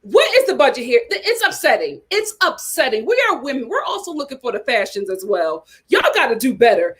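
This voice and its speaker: Woman going off about a dating show, high voice, super animated and fed up. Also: a little fast, breathy edge. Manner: animated, exasperated ranting. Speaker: reality TV commentator. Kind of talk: casual chat.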